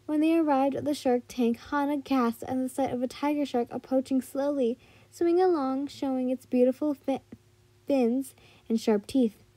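A woman's voice: high-pitched, normal speed, mellow, dry recording. A woman narrating a fan story in a casual read, with frequent slips and restarts. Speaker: fanfiction reader.

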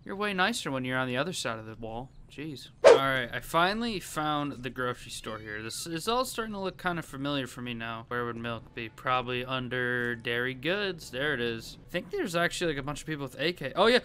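A man giving gameplay commentary, panicking and pleading in fast repeated bursts. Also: medium pitch, expressive, background noise. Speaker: gaming YouTuber.

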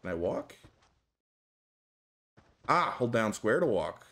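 A man streaming a video game, commenting casually with a playful, joking manner and lively reactions. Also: fairly low pitch, slow pace.

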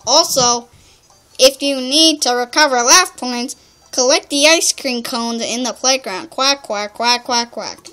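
A woman's voice: sits high, unhurried, a bit bright, soft background music. A young woman reading out a cartoon duck toon's quest lines in a game, tacking quacks onto each line. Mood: chirpy. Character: chirpy cartoon duck toon giving a quest.

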